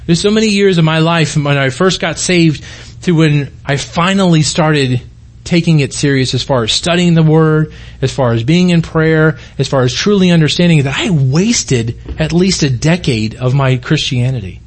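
A man's voice: on the high side, moderate pace. A middle-aged man, a pastor, preaching a sermon in an earnest, conversational way, often restarting his sentences.

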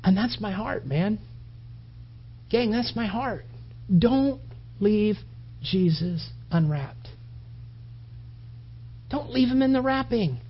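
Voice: mid-range voice, slow, long pauses, husky. A pastor preaching a sermon, telling stories animatedly, stumbling and repeating words as he builds up points. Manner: animated storytelling, acts out quoted voices; frequent restarts and repetitions. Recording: dull lo-fi recording.

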